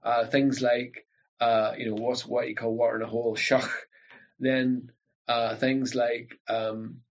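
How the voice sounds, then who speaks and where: A man from Northern Ireland with an Ulster Scots accent, a guest telling lively stories about language, often repeating his words. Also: medium pitch, unhurried, highs cut off. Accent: Northern Irish, Ulster Scots. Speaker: guest, linguist. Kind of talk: storytelling conversation.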